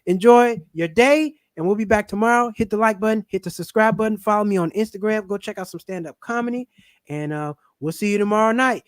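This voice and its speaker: High-voiced man hosting a casual livestream. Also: fairly quick, smooth. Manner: laid-back, swears casually. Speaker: livestream host. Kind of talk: casual live-stream chat.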